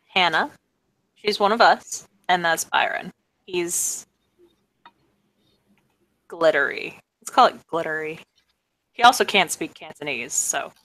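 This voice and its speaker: A woman's voice: on the low side, pushed and bright, dry recording, poor audio. A woman voicing a casual, laid-back young woman in a tabletop game.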